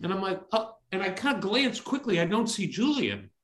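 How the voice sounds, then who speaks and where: A man, an associate head coach, telling a casual story as a podcast guest and acting out his own side of it. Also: brisk. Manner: animated, jumps pitch when quoting himself.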